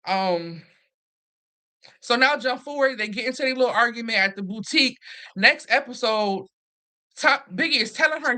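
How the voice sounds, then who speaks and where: A woman hosting a casual, animated recap chat, swearing freely and acting out what others said. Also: a little high, moderate pace, long pauses. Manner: animated, profane, acts out quotes. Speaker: host.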